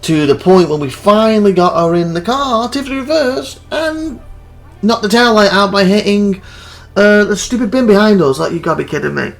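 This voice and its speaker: Guy chatting over his let's play, kinda high voice, tells stories and does the voices. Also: expressive, moderate pace, creaky, soft background music. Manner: rambling anecdotes, acts out quotes, laughs. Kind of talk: casual chat over gameplay.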